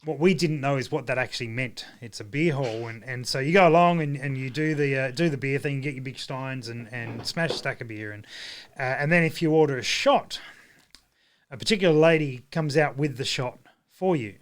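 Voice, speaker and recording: A man's voice: mid-range voice, a little fast, slight background noise. A man hosting a livestream, telling stories in a rambling, casual way with many restarts. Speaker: livestream host. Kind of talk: casual chat.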